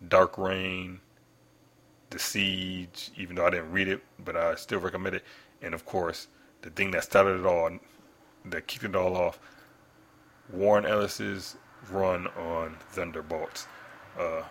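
A low-pitched man with a bright, forward tone hosts a casual review podcast. He rambles loosely, swears freely and laughs between thoughts. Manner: rambling, profane, laughs often. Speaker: podcast host.

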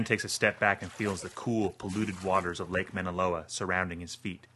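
A man reading a horror story aloud in a steady, measured way. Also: sits low, slight background noise. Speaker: narrator. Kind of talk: scripted horror narration.

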